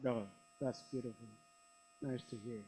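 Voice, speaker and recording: A man's voice: medium pitch, fairly even intonation, moderate pace, mellow, husky, rough recording. A man moderating an online scripture class, politely thanking the speaker and inviting questions. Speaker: session moderator. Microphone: video call.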